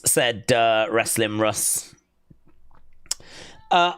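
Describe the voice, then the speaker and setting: A man hosting a live watch-along stream, chatting in a rambling, excitable way and reading viewer comments aloud. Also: mid-range voice, slow pace, clear, resonant tone, no room sound, studio quality.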